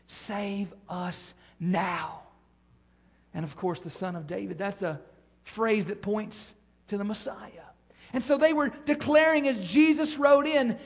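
Repeating phrases to stress them, a very high-voiced male pastor delivers a sermon with a rising and falling cadence. The audio sounds muffled and low-fidelity.

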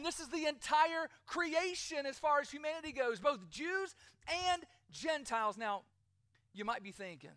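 A man's voice: very high-pitched, expressive, moderate pace, a bit bright, no room sound, studio quality. A man preaching a sermon, emphatic, with a delivery that rises and falls. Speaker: pastor.

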